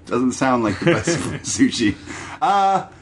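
A man co-hosting a casual wrestling podcast, talking in an animated, profane way and acting out quotes in silly voices. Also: mid-range voice, slow pace, a little hiss or hum. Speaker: podcast co-host.

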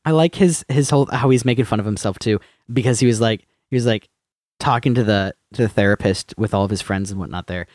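A man's voice: lowish voice, fast talker, a little mellow, no room sound, clean studio sound. A man co-hosting a podcast, chatting casually, swearing freely and acting out movie scenes in silly voices. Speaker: podcast co-host. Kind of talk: casual chat.

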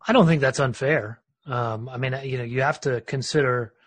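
A man's voice: mid-range voice, normal speed, slightly rough, no echo. A man hosting a casual sports podcast, talking in a discursive way with frequent restarts. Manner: discursive, lots of restarts and fillers. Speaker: podcast host.

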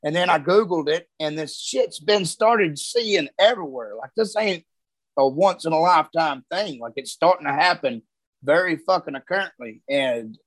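A man's voice: on the high side, expressive, normal speed, no echo, low-quality recording. A man telling a story in casual, profane talk, full of Southern grammar and heavy cursing.

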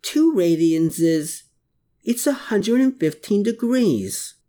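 A narrator voicing a reluctant middle-aged man who grumbles and mutters, pitched well above their own voice. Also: expressive, slow, dark tone. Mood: grumbling. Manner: grumbling, put-upon.

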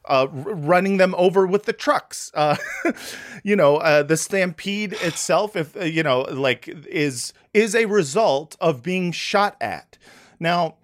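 A man's voice: high-pitched, expressive, takes it slowly. A man hosting a comedy podcast, talking in a sarcastic, rambling way with many fillers. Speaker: podcast host. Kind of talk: casual comedic podcast chat.

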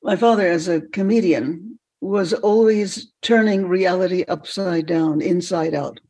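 An older woman, a podcast guest, telling animated stories and laughing often. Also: lowish voice, a little slow. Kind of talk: storytelling in a podcast interview.

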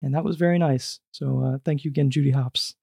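A man hosting a casual podcast, joking quickly and a little out of breath, recording in a small booth. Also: mid-range voice, steady tone, creaky, mellow, husky, dry recording, studio quality. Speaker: podcast host.

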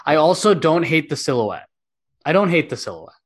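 A man's voice: a little high, sing-song, normal speed. A man hosting a casual podcast, emphatic and opinionated, repeating his points. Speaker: podcast host. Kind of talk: casual chat.

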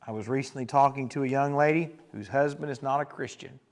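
A man's voice: medium pitch, fairly quick. A male pastor preaching a sermon, telling stories with emphasis and putting questions to the congregation.

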